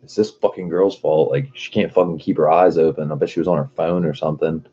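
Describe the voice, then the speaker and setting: Brief: annoyed girlfriend, quoted by a man in his own low voice, dark tone. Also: fairly even intonation, fast talker, slightly rough, lo-fi sound. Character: annoyed young woman, the narrator's girlfriend.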